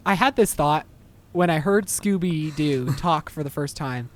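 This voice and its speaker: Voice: mid-range voice, unhurried. A co-host in a casual podcast chat who laughs often and goes into mock-indignant little rants.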